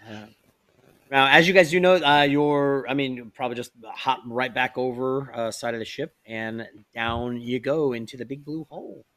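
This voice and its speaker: A man's voice: mid-range voice, steady tone, moderate pace, fairly bright tone, no echo. A male game master who narrates the scene in a loose, rambling way, full of fillers. His voice sits in a mid range. The recording is dry and close.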